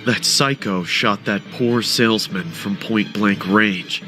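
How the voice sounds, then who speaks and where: A man narrating a first-person horror story with a dramatic, expressive delivery. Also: fairly low pitch, slow, music in the background.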